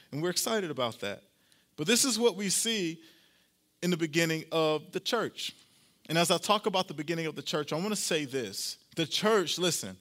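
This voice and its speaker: A pastor, a man, preaching a sermon, repeating key phrases, slowing down to stress them, and often talking straight to the congregation. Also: high voice, a bit bright. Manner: addresses the congregation directly and often.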